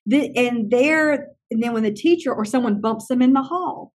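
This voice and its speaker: A woman who trains teachers, telling animated stories in an interview and acting out other people's lines. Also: on the high side, moderate pace. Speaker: teacher trainer and classroom consultant. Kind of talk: conversational interview storytelling.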